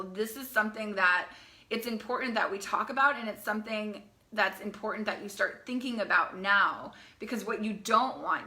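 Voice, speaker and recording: A young woman coaching teen girls, talking in a live video to parents in a fast, chatty way, often repeating herself and asking "right?". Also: medium pitch, bright, forceful tone.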